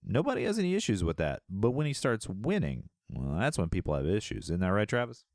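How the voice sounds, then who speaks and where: A man's voice: on the low side, huge pitch swings, brisk, darkish tone, dry recording, clean studio sound. A man co-hosting a podcast, casually recapping a movie in a jokey way. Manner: jokey, acts out lines in playful voices. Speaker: podcast co-host.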